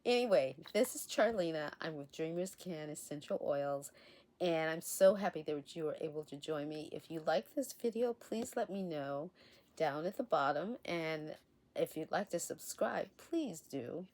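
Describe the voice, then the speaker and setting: A woman hosting her own channel, chatting to camera in a casual, rambling way while her voice is still hoarse from illness. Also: low voice, expressive, normal speed. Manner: chatty, rambling with restarts and soft laughs. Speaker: essential oils channel host. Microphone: facing a camera.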